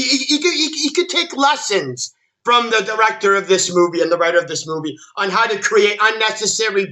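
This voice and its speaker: A man's voice: very high voice, bright, forceful tone. A man ranting through a movie review, exasperated and swearing, with many stammered restarts. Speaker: film reviewer.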